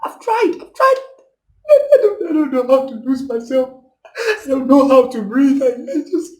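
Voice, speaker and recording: Distraught young actor, sobbing, stammering, very high voice, roomy echo. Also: male voice, big pitch swings, moderate pace, darkish tone. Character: distraught young male actor near tears.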